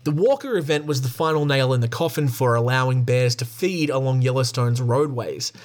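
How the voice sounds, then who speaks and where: A man hosting a podcast, reading a true-crime account aloud at a steady pace, with fillers, small restarts and wry asides. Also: medium pitch, normal speed. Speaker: podcast host.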